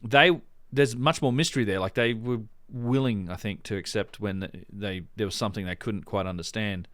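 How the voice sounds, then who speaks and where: A man's voice: lowish voice, moderate pace, fairly bright tone, dry recording, studio quality. A man hosting a casual podcast chat, rambling with many restarts and fillers. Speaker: podcast host.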